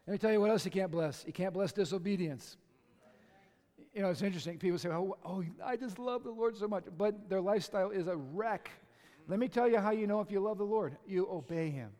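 A male pastor preaching a sermon with passion, swinging from shouts to conversational asides with the congregation. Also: high voice. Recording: long hall reverb.

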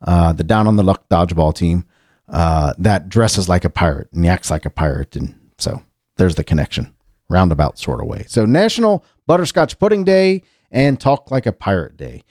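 Low, mellow-voiced rambling man. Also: expressive, moderate pace, dry recording, clean studio sound. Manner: rambling, restarts often, chatty asides. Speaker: podcast host. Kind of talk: casual solo chat.

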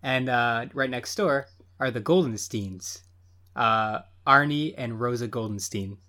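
Dude on a comedy podcast, dry jokes, just explaining stuff. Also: male voice, medium pitch, a little slow, bright, forceful tone. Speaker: podcast co-host. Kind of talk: casual comedy podcast chat.

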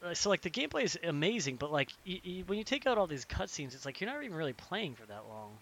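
A young man in casual podcast chat, ranting animatedly and swearing, acting out characters in quick impressions. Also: on the high side, sing-song, fairly bright tone.

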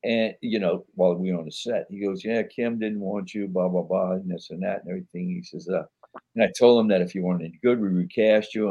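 A man's voice: deep voice, fairly even intonation, brisk, warm tone, husky, highs cut off. A man, a podcast guest rambling through anecdotes with lots of fillers and voicing the people he quotes. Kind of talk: casual interview storytelling.

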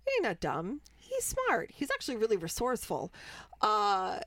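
A woman's voice: mid-range voice, wildly swooping pitch, normal speed, a bit bright, no room sound. A woman co-hosting a podcast, chatting in an easygoing, conversational way. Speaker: podcast co-host. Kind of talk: casual chat.

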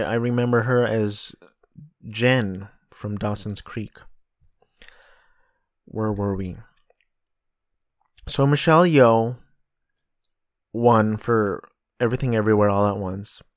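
A man's voice: fairly low pitch, takes it slowly, long pauses, no echo, studio quality. An American man rambling through casual solo commentary, a bit profane, looking things up aloud as he goes. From United States. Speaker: podcast host.

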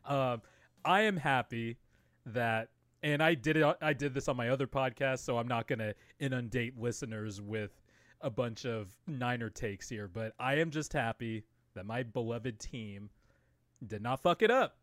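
A man co-hosting a casual sports podcast, talking in an excitable, rambling way with swearing. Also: medium pitch, moderate pace, no room sound. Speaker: podcast co-host.

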